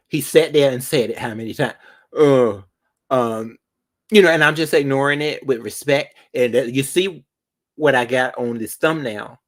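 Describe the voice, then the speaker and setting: A man talks straight to his viewers in a loose, sassy vlog rant. His delivery is dramatic, stretching words out for emphasis. His voice sits in an ordinary middle pitch. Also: fairly bright tone. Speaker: vlogger. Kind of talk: casual commentary to viewers.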